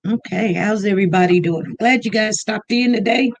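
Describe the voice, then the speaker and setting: Greeting each viewer by name, a livestream host keeps the chat relaxed and unhurried and invites people to call in. The voice sits at a medium pitch.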